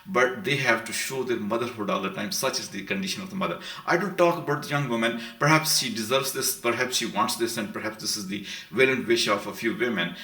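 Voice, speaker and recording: Man lecturing on literature, bright voice. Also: mid-range voice, fairly quick, hardly any pauses. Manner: reads passages aloud, then explains them with emphatic repetition. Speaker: literature professor. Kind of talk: lecture on a short story.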